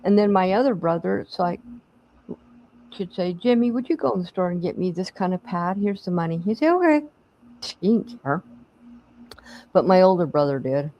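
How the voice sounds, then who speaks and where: A middle-aged woman with a lowish voice hosts a bingo stream, chatting casually and laughing as she announces winners. She talks at a normal speed with long pauses, and the audio sounds dull.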